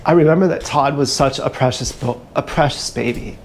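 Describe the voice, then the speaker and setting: A man telling a meandering, profane story in a halting, casual livestream monologue, recorded on an action camera mic. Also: medium pitch, slight background noise.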